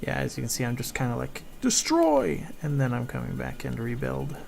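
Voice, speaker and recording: A man who is a cartoonist, chatting casually while he inks a drawing on stream and trailing off into low-key asides to himself. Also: monotone, quick pace, gravelly, a little mellow, faint music behind. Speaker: cartoonist streaming his inking.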